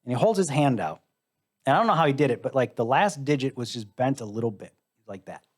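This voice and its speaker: Middle-aged guy telling his story on stage, candid, wry, acts out the voices, mid-pitched. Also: expressive, fast. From United States. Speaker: interview guest, musician. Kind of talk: storytelling in a live interview.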